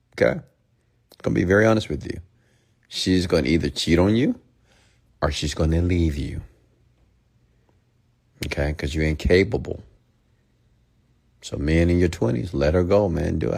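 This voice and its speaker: A man giving a blunt, lecturing motivational monologue, sometimes dropping to a hushed near-whisper. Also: deep voice, creaky. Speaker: motivational speaker.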